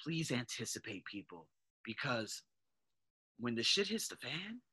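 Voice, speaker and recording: A man hosting a podcast, giving a casual motivational monologue in an animated way, calling his listeners "guys" and often restarting his sentences. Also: mid-range voice, unhurried, husky. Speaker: podcast host.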